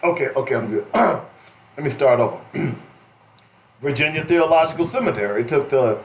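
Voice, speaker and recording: A man's voice: mid-range voice, animated, moderate pace. A man hosting a talk radio show, joking around and laughing often between stories. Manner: joking, laughs often, playful put-on drawl. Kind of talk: casual talk radio banter.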